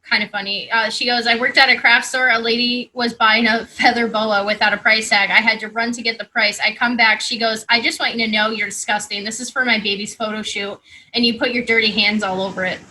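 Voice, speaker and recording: A woman's voice: fairly high pitch, flat delivery, a little fast, sharp tone, poor audio. A woman co-hosting a podcast over a video call in casual chat, blunt and swearing, laughing often. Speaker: podcast co-host.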